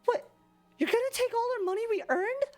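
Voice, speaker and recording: Shrill, very high squeaky voices of two indignant young women put on by a man, a tabletop game scene with faint music behind. The falsetto shoots far above his normal range. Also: animated, fairly quick, a little mellow. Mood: outraged. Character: two crying young women dancers, shocked.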